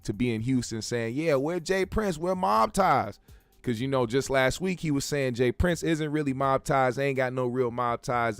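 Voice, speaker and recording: A man's voice: mid-range voice, clean tone, no room sound. A man hosting a show, giving laid-back, joking commentary full of profanity. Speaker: show host. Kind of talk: casual commentary.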